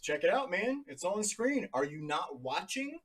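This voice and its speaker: A man's voice: sits high, big pitch swings, a little slow, a bit bright, husky. A man in his thirties from New Jersey, casually talking through charts on a live stream in a chatty, jokey way. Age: 30s. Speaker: crypto livestream host.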